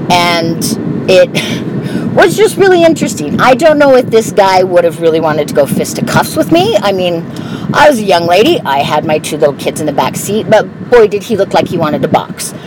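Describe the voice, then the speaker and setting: A woman telling stories in a candid, profane, casual way while she drives her car. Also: medium pitch. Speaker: vlogger. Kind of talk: casual monologue while driving. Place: inside a car on the road. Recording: loud road and car noise.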